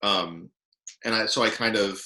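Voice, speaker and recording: Guy w a lowish bright voice playing a tabletop game, talks thru his moves. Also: a little slow. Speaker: player. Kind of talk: casual tabletop game play.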